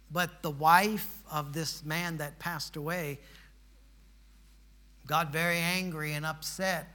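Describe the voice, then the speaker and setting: A man's voice: fairly high pitch, sharp tone. A male preacher telling a missionary story in a sermon, with folksy asides and rising to emphatic preaching.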